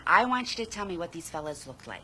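A man's voice: high-pitched, sing-song, fast talker, pushed and bright, a little hiss or hum, pitched above the performer's own voice, full character voice. A man voicing a folksy small-town female police chief with a Minnesota accent, questioning a witness. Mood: curious.

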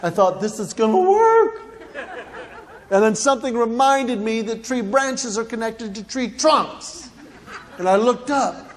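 Man, high-pitched, animated storyteller who yelps in mock panic; big hall with long reverb, faint room ambience. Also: measured pace, a faint crowd. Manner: animated, acts out his own panic with yelps. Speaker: Christian comedic speaker. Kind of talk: storytelling stand-up talk.

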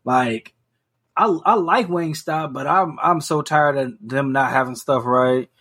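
A man's voice: medium pitch, unhurried, a bit bright, breathy edge. A man co-hosting a podcast, telling stories in casual chat with lots of profanity and mimicry of people he met. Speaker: podcast co-host.

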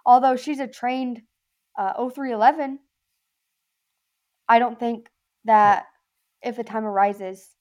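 A woman's voice: fairly high pitch, fairly even intonation, slow pace, pauses often, darkish tone. A woman with a Southern accent, a former Marine and podcast guest, talking bluntly and with lots of swearing in casual chat. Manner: blunt, profane, emphatic.

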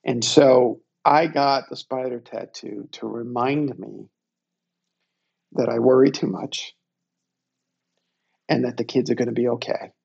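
A man in his fifties, a guest telling a personal story in a reflective, unhurried and self-deprecating way. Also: mid-range voice, gravelly, a little mellow, husky, dull audio.

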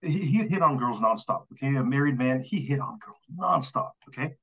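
A man casually telling work stories on a podcast, animated, acting out quoted voices and laughing often. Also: medium pitch, fairly quick, slightly rough. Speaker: storyteller guest.

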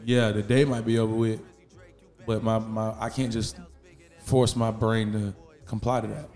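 A man's voice: on the low side, level tone, moderate pace, a little mellow, soft background music. A man in casual group chat, talking in a reflective, slangy way.

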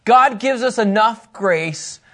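Man, high voice, sermon teaching, emphatic, animated preaching. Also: takes it slowly. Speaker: pastor.

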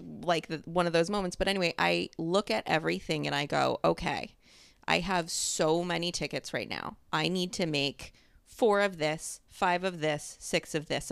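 A woman with a lowish, gravelly voice co-hosts a podcast, chatting casually. She tells stories with energy and acts out what other people said. The recording is dry and close. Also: dry recording. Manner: animated storytelling, acts out quotes, laughs often. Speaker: podcast co-host. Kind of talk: casual chat.

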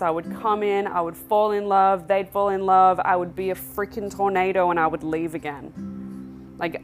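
A woman hosting a podcast, telling her own faith testimony in a candid, emotional way. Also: on the low side. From Australia. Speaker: podcast host.

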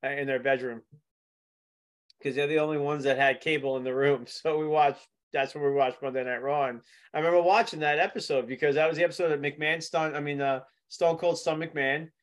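A man's voice: on the high side, steady tone, brisk. A man co-hosting a podcast, chatty and rambling in casual talk, laughing often. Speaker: podcast co-host. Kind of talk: casual chat.

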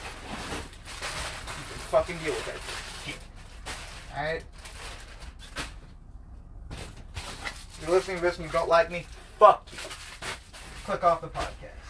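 Young male podcaster, casual and profane, recorded in a noisy delivery truck cab. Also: on the high side. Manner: rambling, profane, talks to himself while working. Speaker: podcast host. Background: wind and banging packages.

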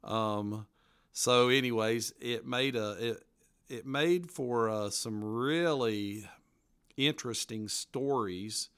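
An author from the western North Carolina mountains tells local history in a casual storytelling interview, folksy and rambling, laughing at his own stories. His medium-pitched voice is slow, a bit bright and clean in tone.

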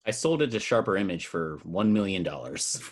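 A young man co-hosting a podcast, telling laid-back stories to friends with animated asides. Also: sits low, moderate pace. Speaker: podcast co-host. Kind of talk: casual chat among friends.

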